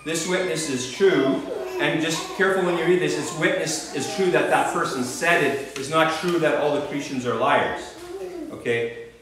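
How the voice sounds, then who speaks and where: A man with a Canadian accent preaches with emphatic force, pitched a bit high for a man. His points keep ending in a quick "right?" or "okay?". He sits back from the mic in a very echoey church with a faint hiss behind him. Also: far from the mic, a crowd in the background. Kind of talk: sermon. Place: church hall.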